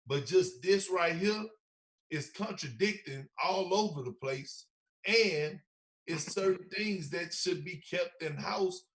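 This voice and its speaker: A man's voice: high voice, takes it slowly, a bit bright. A man co-hosting a casual sports podcast, talking in an emotional, worked-up, opinionated way. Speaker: podcast co-host.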